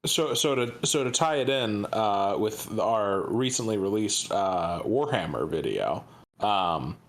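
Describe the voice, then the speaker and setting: A low-voiced man co-hosting a casual podcast, his pitch swinging in a lively way. He is laid-back, mostly gives short reactions, and stumbles through restarts when he takes the floor. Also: slow. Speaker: podcast co-host. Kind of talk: casual chat.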